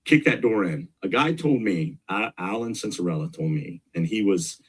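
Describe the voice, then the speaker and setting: Middle-aged male guest, husky, pushes his points with energy and repetition. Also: deep voice, moderate pace. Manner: energetic, emphatic, repeats key points. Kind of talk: casual interview talk.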